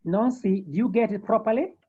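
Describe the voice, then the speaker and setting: A woman teaching a beginners' French class over a video call, slowly repeating each term several times. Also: medium pitch, breathy edge, narrow, tinny audio. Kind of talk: online language lesson.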